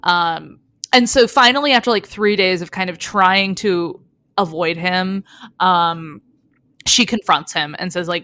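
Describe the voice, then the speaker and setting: A woman's voice: on the low side, measured pace, no room sound. A woman co-hosting a podcast in casual chat, retelling a romance novel's plot and acting out the characters' lines. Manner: animated storytelling, acting out character quotes. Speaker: podcast co-host.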